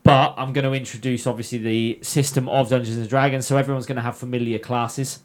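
A man in the game master's seat, talking through his plans in a loose, rambling podcast style. He stops and restarts, filling gaps with ums, at an ordinary middle pitch. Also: level tone, fast. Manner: rambling, many fillers and restarts. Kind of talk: casual podcast chat.

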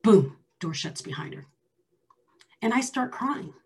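Husky woman telling a personal story. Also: on the high side, lively intonation, unhurried. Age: 40s. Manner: emphatic, drops to a hushed near-whisper for stress.

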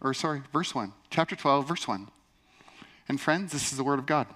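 A man's voice: mid-range voice, animated, moderate pace, bright, forceful tone, a little hiss or hum. A male pastor delivering a sermon in an earnest, conversational way, telling a personal story and leaning on "and so anyways".

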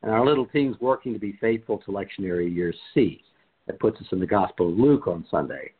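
Low, husky man on a tinny call line. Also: animated, a little fast. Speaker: podcast host leading a lectionary discussion. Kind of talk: scripture reading and discussion lead. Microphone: video call.

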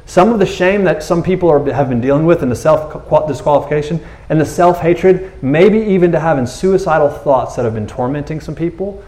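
A man's voice: a little high, brisk, few pauses. A male pastor preaching a sermon in a casual, conversational way. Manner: animated, conversational, acts out characters.

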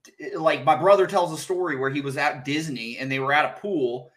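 Male podcast co-host, conversational, voices the people in his stories, slightly higher pitch. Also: a little fast, fairly bright tone. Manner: chatty, acts out people's lines as he tells a story. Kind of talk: casual chat.

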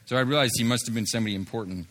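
A man's voice: mid-range voice, rapid-fire, a bit bright, slight background noise. A man telling a story from street ministry, with many fillers and restarts, acting out what others said. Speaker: street evangelist telling a testimony. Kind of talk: spoken testimony story.

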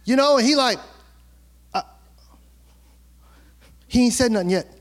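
A male pastor giving a sermon, retelling a story in an animated, colloquial, conversational way. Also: very high-pitched, normal speed, long pauses.

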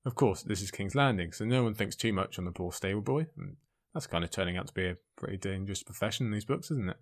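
A man giving an excited commentary on a fantasy book, speaking emphatically between the passages he reads out. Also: on the low side, fast talker. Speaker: book reviewer.

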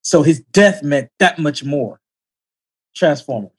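A man's voice: on the high side, animated, slow, breathy edge. A man on a podcast panel, talking casually and explaining his picks at length with enthusiasm. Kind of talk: casual chat.

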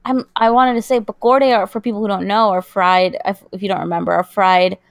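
A woman co-hosting a casual podcast, playful and teasing as she chats. Her voice sits at a middling pitch. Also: fairly even intonation, a little fast, creaky, no echo. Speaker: podcast co-host. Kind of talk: casual chat.

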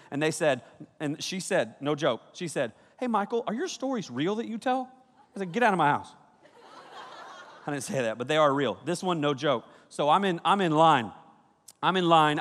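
A man preaching a comedic sermon to young people, telling stories with lots of energy and jumping into high voices when he quotes people. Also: in a large hall. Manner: animated storytelling, jumps into high voices for quotes. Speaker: pastor.

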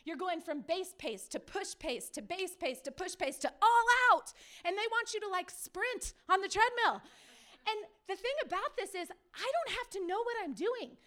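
A woman pastor delivers a sermon in a very high voice. She tells her stories with energy, acting out the people in them and asking her listeners questions directly. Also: normal speed. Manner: lively storytelling, acts out quoted people; speaks to the audience directly with questions.

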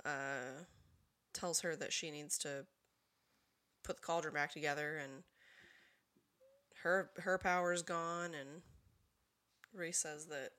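Slow-talking woman recapping a story. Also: deep voice, bright, forceful tone. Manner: slow, recapping plot with many fillers. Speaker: podcast co-host. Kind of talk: casual book-club chat.

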